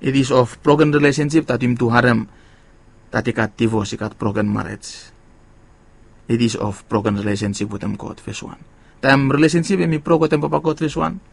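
A man's voice: flat delivery, fairly quick, gravelly, breathy edge. Man preaching a sermon. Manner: emphatic rises on key words, phrase endings fading low and quiet.

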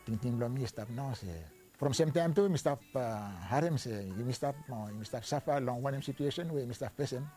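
An older man from Vanuatu with a Bislama-speaking Ni-Vanuatu accent, recounting his life story in a halting way, with restarts and fillers. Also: medium pitch, mellow, faint music behind. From Vanuatu (New Hebrides). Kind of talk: recounting personal history.

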